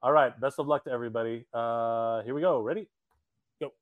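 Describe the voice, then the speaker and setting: Man, livestream co-host, casual, laughs a lot, average pitch, dry sound. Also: brisk, no room sound, phone-quality sound. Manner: laughs often, swears casually. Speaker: co-host running a giveaway.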